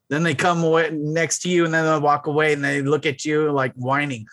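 A man's voice: medium pitch, brisk, hardly any pauses, fairly bright tone, no echo. A man in casual chat who animates his stories by acting out voices, swearing casually.

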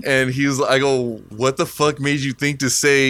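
Casual male co-host, bright tense tone, dry close sound, swears a lot and acts out the quotes. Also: medium pitch, a little slow, no room sound. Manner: profane, animated storyteller acting out quotes. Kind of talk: casual storytelling chat.

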